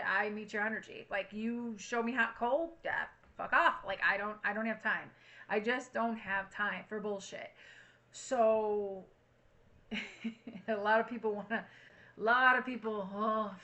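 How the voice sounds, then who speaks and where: Bright, chatty woman reading tarot. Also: mid-range voice, rough recording. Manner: chatty, frank, swears freely. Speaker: tarot reader. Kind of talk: casual tarot reading to camera.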